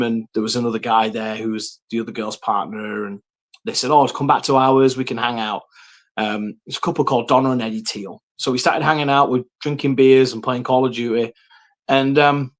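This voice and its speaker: A man telling his personal faith story, earnest and reflective, with frequent pauses and ums. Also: medium pitch, fairly bright tone.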